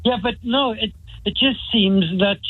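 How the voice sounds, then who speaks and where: Halting caller on a tinny phone. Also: male voice, high-pitched, no echo. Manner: halting, many restarts. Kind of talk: phone-in chat.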